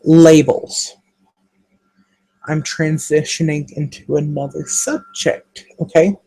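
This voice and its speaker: A man talking in an earnest, halting, emotional way in a confessional vlog monologue, speaking to a webcam. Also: a little high, little pitch movement, vocal fry, mellow, breathy edge, rough recording. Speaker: vlogger.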